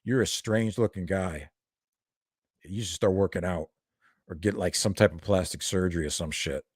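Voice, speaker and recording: A man's voice: low voice, moderate pace, slightly rough, no echo, studio quality. A young man doing a heated, profane reaction video, ranting and calling people out. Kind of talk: angry reaction commentary.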